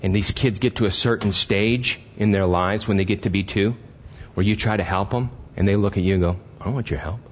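A man's voice: lowish voice, fairly even intonation, a little fast. Older male pastor preaching conversationally. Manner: conversational preaching, rising to impassioned emphasis. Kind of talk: sermon. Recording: dull lo-fi sermon recording.

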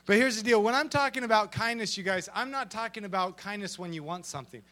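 A man preaching an energetic sermon as pastor, joking and acting out little voices as he goes. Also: sits high, fast talker, few pauses, slight background noise. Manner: animated and joking, acts out voices.

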